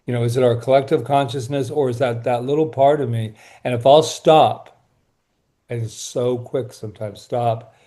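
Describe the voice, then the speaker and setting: Man, mid pitch, soft and earnest, drops quiet and slow a lot, mellow. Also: steady tone. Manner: earnest, soft-spoken, often slowing and quieting. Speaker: guest, workshop leader. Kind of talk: reflective interview talk.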